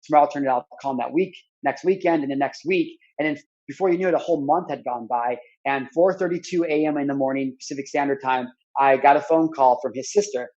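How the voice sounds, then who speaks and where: A man's voice: medium pitch, fast, a little mellow, muffled recording. A man in his thirties, speaking as a podcast guest, tells a personal story in an earnest, rambling way full of "like" and restarts. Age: 30s.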